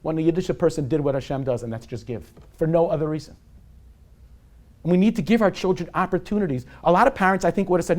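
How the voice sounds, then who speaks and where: A man's voice: a little high, quick pace. A man in his forties, a rabbi giving a lecture on parenting to a live audience, telling stories with humor and sprinkling in Yiddish and Hebrew terms. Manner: warm and self-deprecating, with humor.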